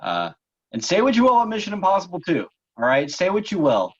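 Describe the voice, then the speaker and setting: A man's voice: high-pitched, wildly swooping pitch, fast talker, husky. A young man co-hosting a podcast, offering opinionated hot takes in casual chat. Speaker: podcast co-host. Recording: dull lo-fi sound.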